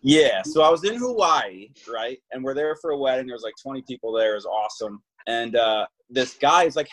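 A man's voice: mid-range voice, expressive, a little fast, hardly any pauses, a bit bright, rough recording. A man in casual chat, telling stories animatedly and acting out both sides of the exchanges.

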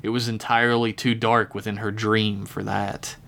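A man's voice: fairly low pitch, creaky. Man reading a horror tale aloud. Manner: steady, measured narration. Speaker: podcast storyteller.

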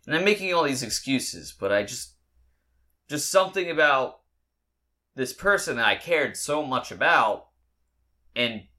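A man's voice: mid-range voice, animated, a little slow, long pauses, sharp tone. A young adult man hosting a podcast, telling a personal story in a candid, rambling way with a lot of swearing. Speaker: podcast host.

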